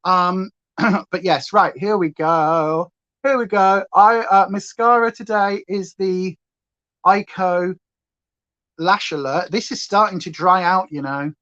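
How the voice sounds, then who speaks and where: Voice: medium pitch, slow pace, fairly bright tone. A makeup livestream host with a Northern English accent, chatting casually and going off on rambling tangents while doing makeup. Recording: slightly dull lo-fi sound.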